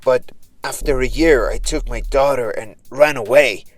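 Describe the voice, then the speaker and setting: A man voicing a nervous middle-aged father on the run, hesitant and pitched well above his own voice. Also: a little slow, no echo, soft background music, natural voice. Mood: uneasy.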